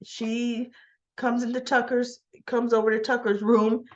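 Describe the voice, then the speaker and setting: A woman giving a casual, chatty recap, animated and full of rhetorical asides. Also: fairly high pitch, measured pace, lo-fi sound. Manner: animated, rhetorical asides, talks back to characters. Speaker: soap opera recap vlogger.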